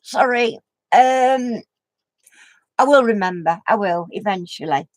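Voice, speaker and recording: A woman's voice: mid-range voice, expressive, slow, slight background noise. An older woman telling a funny story as a craft vlogger, laughing through her words and tossing in homely exclamations. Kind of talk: rambling anecdote to camera.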